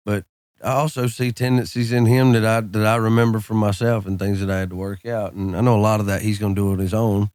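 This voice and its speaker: A man in his thirties, a guest on a podcast, telling relaxed anecdotes in casual chat. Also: lowish voice, fast, no room sound, clean studio sound. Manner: laid-back, drawling anecdotes peppered with "man" and "dude". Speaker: podcast guest, country singer.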